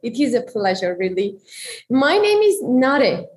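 A friendly woman in her thirties speaks with an Armenian accent, her voice sitting a little high. She chats casually as an interview guest, phrasing things a bit haltingly. A faint hiss of noise runs under her voice. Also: big pitch swings, darkish tone. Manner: friendly, slightly halting non-native phrasing. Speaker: guest, engineering manager.

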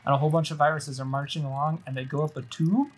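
Woman podcast host, low husky voice, casual, talks through the whole game on screen. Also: fairly even intonation, fast. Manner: chatty, narrates everything on screen. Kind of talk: casual chat while playing a video game.

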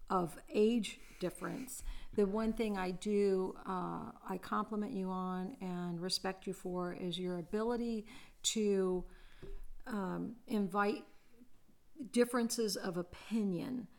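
An older woman, a podcast guest, speaking in casual chat with measured sincerity. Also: mid-range voice, steady tone, creaky, a little mellow.

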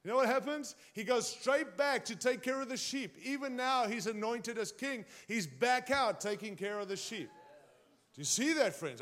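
A man's voice: extremely high pitch, animated, normal speed, a bit bright. A man preaching a sermon in a conversational way, often turning to the congregation with direct questions.

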